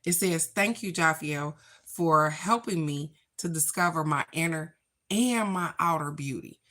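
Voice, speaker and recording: Speaking a little slowly in a low voice with a fairly bright tone, a woman draws her spiritual cards for the day. She's chatty and spiritual in this casual vlog, calling viewers "y'all" and "baby."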